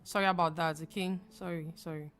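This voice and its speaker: A young woman from Ghana hosting a live trading stream, talking fast as she reads viewer comments aloud and answers them. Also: fairly low pitch, fairly even intonation, fairly bright tone, soft background music. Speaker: forex trading livestream host. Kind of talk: casual livestream chat reading viewer comments.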